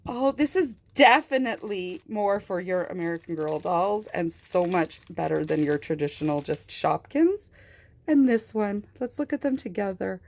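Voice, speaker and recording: A young adult woman reviewing toys in an unboxing video, gushing and excitable, gasping with delight. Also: medium pitch, normal speed. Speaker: toy reviewer.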